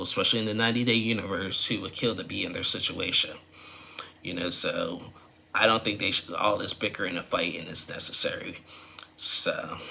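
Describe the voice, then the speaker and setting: A man's voice: sits low, vocal fry, bright, forceful tone, a little hiss or hum. A man giving a casual, opinionated recap of a reality show, rambling with frequent restarts.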